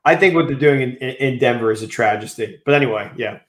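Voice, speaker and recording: A man co-hosting a casual sports podcast, bantering quickly and joking. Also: mid-range voice, a bit bright. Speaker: podcast co-host.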